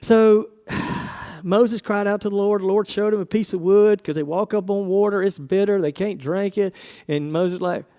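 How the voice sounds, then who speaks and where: A man's voice: sits high, normal speed, mellow. A man preaching a casual sermon, asking his congregation questions and acting out quoted voices.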